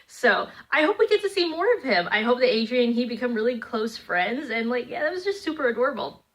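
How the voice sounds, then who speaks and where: A young woman vlogging a casual review of cartoon episodes, chatty and animated, slipping into playful voices. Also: on the high side, quick pace. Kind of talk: casual reaction chat.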